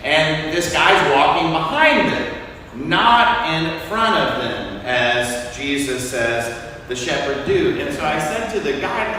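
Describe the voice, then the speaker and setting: A man preaching a sermon as a priest, telling a story in a relaxed, conversational way with frequent fillers. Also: fairly high pitch, takes it slowly, a little hiss or hum. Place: large church. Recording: echoey church hall, from far off.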